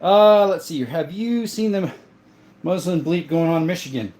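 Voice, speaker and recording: A man's voice: a little high, normal speed, darkish tone. A man casually hosting a livestream, chatting and greeting viewers by name as he reads the chat. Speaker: livestream host reading chat. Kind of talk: casual live-chat talk.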